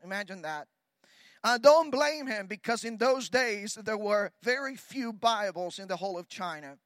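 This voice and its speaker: A man preaching as a guest speaker. He builds to loud repeated declarations, then drops to quiet, low asides. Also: lively intonation, moderate pace, dry recording. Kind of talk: sermon.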